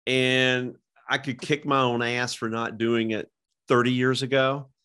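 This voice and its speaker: A middle-aged man hosting a casual interview, talking haltingly with many restarts and "you know"s. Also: medium pitch, flat delivery, pushed and bright, smooth. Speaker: podcast host.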